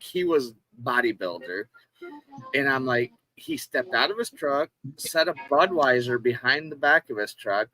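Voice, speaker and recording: A man in casual conversation, swearing freely and retelling a roadside run-in with animated energy. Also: mid-range voice, a little hiss or hum, rough recording. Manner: profane storyteller, animated retelling of a confrontation. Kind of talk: casual chat.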